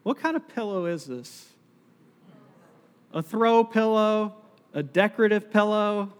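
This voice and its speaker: A middle-aged man with a Southern US accent preaches with a light, high-pitched voice. He keeps things conversational and self-deprecating, with jokes woven into the sermon. The sound rings with the long reverb of a large auditorium. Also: animated, a little slow, pauses often. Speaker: pastor.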